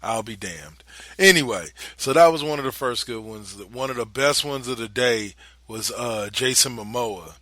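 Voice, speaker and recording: A man talks through a podcast in a loose, animated way, with laughing asides and plenty of profanity. His voice is bright and forceful. The sound is dry and close. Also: medium pitch, moderate pace, no room sound. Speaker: podcast host. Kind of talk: casual commentary.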